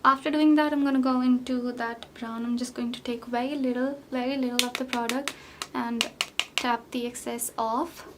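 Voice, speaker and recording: A young woman with a somewhat high voice, chatting her way through a get-ready-with-me makeup routine. She rambles, piles on fillers and pokes fun at herself. Faint noise sits behind her. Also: steady tone, normal speed. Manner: rambling, filler-heavy, self-deprecating. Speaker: beauty vlogger.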